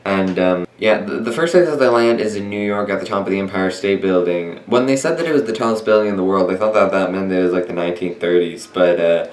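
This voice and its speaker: A young man giving a casual, rambling review monologue, often correcting himself and filling pauses as he talks. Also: low voice. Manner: rambling, self-correcting, many fillers. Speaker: video reviewer. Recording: roomy echo.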